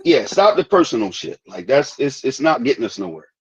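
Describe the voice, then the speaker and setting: Husky man calming a heated panel. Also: mid-range voice, fairly quick, no echo, highs cut off, faint music behind. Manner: keeps stepping in to calm the panel, repeats "hold on" and "chill". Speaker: host and moderator. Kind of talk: casual live panel discussion.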